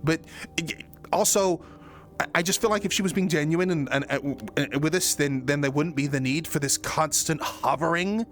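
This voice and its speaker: A man in a casual chat who swears a lot and rambles with many restarts. His voice jumps higher when he gets exasperated. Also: normal speed, a bit bright. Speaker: roleplay streamer recapping his character's story.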